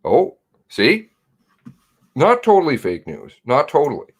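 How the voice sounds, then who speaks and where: A man's voice: on the high side, wildly swooping pitch, unhurried, pauses often, slightly rough. A man live streaming, chatting casually and reading viewer comments aloud in a rambling, self-mocking way. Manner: rambling and self-mocking, jumping between laughs and mutters.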